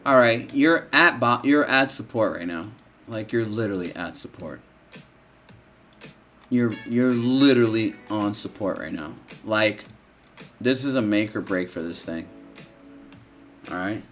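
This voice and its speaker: A man's voice: on the low side, animated, measured pace, pauses often, fairly bright tone, soft background music. A man hosting a live trading stream, talking casually and bluntly, swearing often and repeating himself, tired and yawning from lack of sleep. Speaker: trading livestream host. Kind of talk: casual live market commentary.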